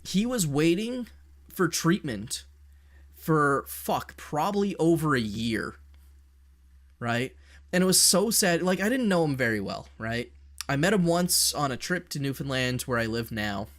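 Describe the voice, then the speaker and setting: A man's voice: fairly high pitch, expressive, measured pace, a bit bright. A man, ranting in a blunt, profane way during a casual stream. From Canada. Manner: blunt, profane, heated opinion talk.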